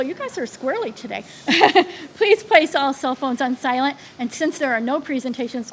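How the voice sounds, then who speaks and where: A woman's voice: high-pitched, lively intonation, slow pace, pauses often. A woman serving as school board president, chairing a formal meeting on a table microphone and joking and laughing between agenda items.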